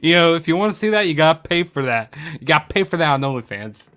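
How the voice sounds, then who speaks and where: A man's voice: on the high side, animated, quick pace, sharp tone. A man co-hosting a casual podcast over an online call, chatty and joking, laughing often. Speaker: podcast co-host. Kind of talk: casual chat.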